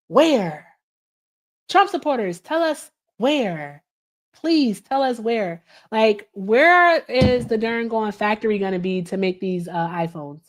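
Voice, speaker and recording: A woman in casual chat as a livestream host, animated and answering viewer comments as she talks. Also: a little high.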